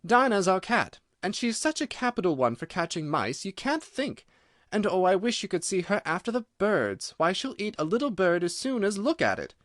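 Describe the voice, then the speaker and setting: A man's voice: on the high side, sing-song, moderate pace, no echo, studio quality, voice pushed up. A man voicing a curious, polite young girl who talks earnestly. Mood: eager. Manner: earnest, chatty.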